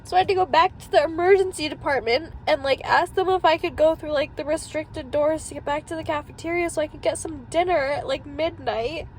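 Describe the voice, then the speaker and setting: A woman's voice: high voice, a little fast, few pauses, a little hiss or hum, low-quality recording. A young woman vlogging from a parked car, crying and laughing through her tears as she talks. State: tearful, crying. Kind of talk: emotional personal vlog.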